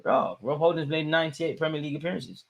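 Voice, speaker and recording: A young man, commentating live on a football match for his viewers and shouting at the screen. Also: a little high, fast talker, creaky, dull audio. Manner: excitable, swings from muttering to shouting at the screen. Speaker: football watchalong host. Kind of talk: live watchalong commentary, casual.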